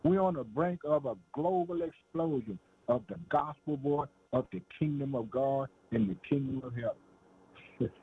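An unhurried, husky man with a mid-range voice preaches a fervent sermon through tinny, phone-like radio sound. He shouts out "boy" and "man" and keeps laughing between his lines.

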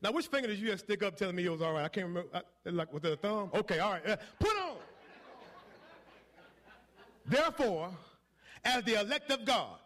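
High, bright-voiced preacher man. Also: lively intonation, fast talker. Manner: shifts from hushed asides to shouted preaching. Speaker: pastor. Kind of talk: sermon.

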